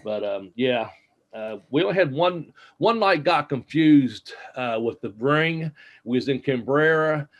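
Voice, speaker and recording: A man spins loose, rambling stories as an interview guest, his pitch sitting right in the middle of the range. He trips over fillers and restarts and keeps chuckling at his own tales. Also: animated, a little slow, muffled recording. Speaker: interview guest, retired wrestler. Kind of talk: casual storytelling.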